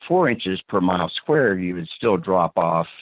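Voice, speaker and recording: A man's voice: deep voice, expressive, unhurried, no echo. A man from central Pennsylvania calling in to a show, chatting in a rambling way with lots of fillers. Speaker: caller. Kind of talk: casual phone-in chat. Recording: tinny phone line.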